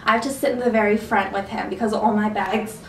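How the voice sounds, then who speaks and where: A woman's voice: mid-range voice, steady tone, quick pace, fairly bright tone, echoey room, recorded from a distance, slight background noise, poor audio. A young woman vlogger telling a rambling story in a casual chat, full of "like"s. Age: young adult. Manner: chatty, rambling with many "like"s. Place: dorm room.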